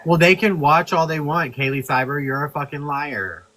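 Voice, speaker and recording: A man's voice: a little high, normal speed, a crowd in the background. A man joining a livestream as a guest, talking casually and bluntly. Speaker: guest on a live panel.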